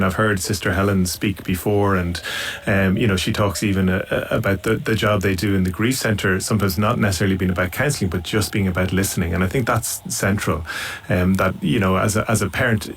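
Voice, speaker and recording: A man, a child psychologist, speaking in a calm, measured, explanatory way as a radio interview guest. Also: deep voice, a little hiss or hum. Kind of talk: expert commentary in a radio interview.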